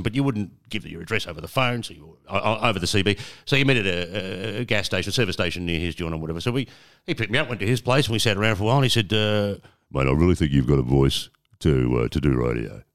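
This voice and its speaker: A man's voice: fairly low pitch, very fast, a bit bright. A middle-aged Australian man telling stories as a guest in a casual interview, rambling and self-mocking, with lots of fillers. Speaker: guest, radio broadcaster.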